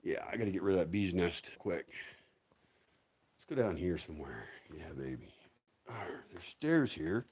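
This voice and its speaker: Man, husky voice, rambling casual vlog, swears a lot, pitch rising and dipping a lot. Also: animated, normal speed, long pauses, darkish tone. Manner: rambling, profane, talks to himself and his dogs. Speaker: vlogger.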